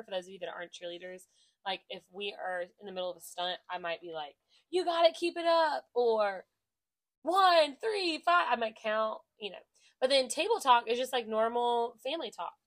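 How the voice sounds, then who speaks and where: A woman's voice: medium pitch, a little fast. A young woman co-hosting a casual podcast and answering questions about her cheer coaching, talking in an upbeat, chatty way with lots of "like" fillers and frequent laughs.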